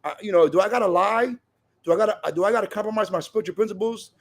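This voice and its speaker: A man's voice: sits high, very fast. A man giving a passionate, repetitive personal share at a recovery meeting, telling stories.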